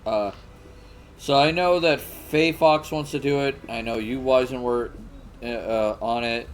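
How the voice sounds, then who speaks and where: A man co-hosting a livestream, chatting casually with frequent pauses and fillers while greeting viewers. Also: mid-range voice, a little hiss or hum. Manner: relaxed, halting with many fillers, greets chat viewers. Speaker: livestream co-host. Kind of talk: casual chat.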